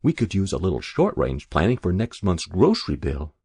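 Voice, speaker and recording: A man's voice: low-pitched, huge pitch swings, brisk, darkish tone, slightly rough, no echo, studio quality, heavily acted. A man putting on a prim, fussy housewife. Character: plain thrifty housewife, proud and fussy. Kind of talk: audiobook narration.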